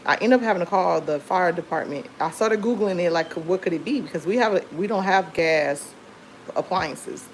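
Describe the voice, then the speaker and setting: Chatty woman with a low voice. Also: moderate pace, a little hiss or hum, low-quality recording. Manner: chatty, rambling storytelling with many fillers. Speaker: livestream host. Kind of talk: casual livestream chat. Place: home.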